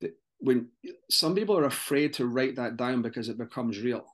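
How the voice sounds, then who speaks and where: Scottish male coach, mid-pitched, animated and motivational, podcast guest. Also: normal speed. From Scotland. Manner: animated, motivational, many restarts. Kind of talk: casual podcast conversation.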